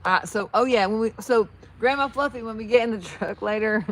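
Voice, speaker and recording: A woman's voice: on the high side, brisk. A woman with a New Jersey accent chatting casually on a livestream, rambling and laughing often. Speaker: livestream host. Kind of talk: casual livestream chat with viewers. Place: outdoors with horses.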